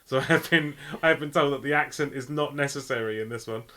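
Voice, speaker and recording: A man's voice: mid-range voice, quick pace, bright, forceful tone. A man co-hosting a podcast, reading listener stories with dry wit. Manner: dry, wry, laughing. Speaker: podcast co-host. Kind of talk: casual chat.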